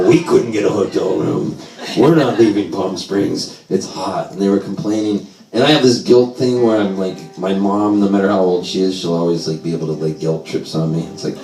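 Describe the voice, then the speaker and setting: A man's voice: lowish voice, dark tone. A middle-aged man telling rambling, profane stories on stage, acting out his parents' voices. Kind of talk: live comic storytelling. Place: bar with a live audience. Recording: echoey room, distant mic, crowd noise.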